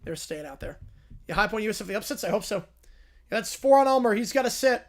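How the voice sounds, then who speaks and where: His voice worn and straining, cracking again and again, a man gives live play-by-play reactions to a basketball game on stream, talking a little fast. He rushes excitedly through plays, then answers viewers in quieter, lower asides.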